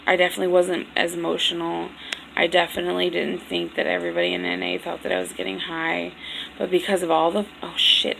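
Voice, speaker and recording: A young woman with a very gravelly, fry-heavy voice, telling her story straight to camera. She talks bluntly and swears freely as she vents, and a faint hiss sits under the recording. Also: on the low side, low-quality recording. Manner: blunt, profane, emotional venting. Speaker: vlogger. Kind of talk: candid personal storytime vlog.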